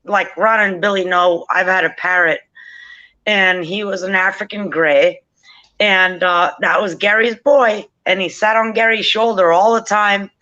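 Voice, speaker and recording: A woman's voice: mid-range voice, steady tone, measured pace, bright, forceful tone, lo-fi sound. A woman telling a casual story, chatty and swearing freely, often laughing. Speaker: forum regular.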